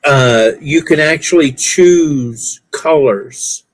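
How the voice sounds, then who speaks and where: A man's voice: on the high side, no echo. A man chatting casually on a livestream, rambling and swearing while fighting the hiccups. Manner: slow, rambling and profane. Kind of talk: casual chat.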